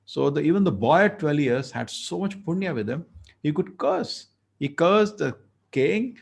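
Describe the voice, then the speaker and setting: A man's voice: fairly high pitch, expressive, a little slow, vocal fry, breathy edge. A man giving a lecture at a temple. He tells a story conversationally and acts out the dialogue. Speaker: temple speaker.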